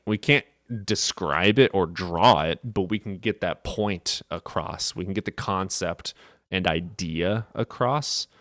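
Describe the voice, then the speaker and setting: A man streamer in casual livestream chat, reading and answering chat questions in a rapid, profane, offhand way. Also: deep voice, fairly bright tone, dry recording, studio quality.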